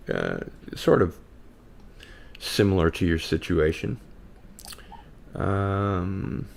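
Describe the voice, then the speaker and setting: Deep, slow, gravelly-voiced man hosting. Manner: relaxed, reads out viewer comments; hesitant, many ums and uhs. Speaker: podcast host. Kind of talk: casual podcast chat.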